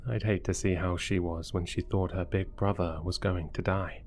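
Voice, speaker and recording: A man narrating a first-person horror story in a deliberate, brooding way. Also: deep voice, level tone, darkish tone, slight background noise.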